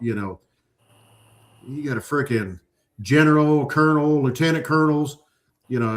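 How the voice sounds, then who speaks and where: A man, a Marine veteran, telling swear-laden stories in casual chat. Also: medium pitch. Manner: profane, animated storyteller.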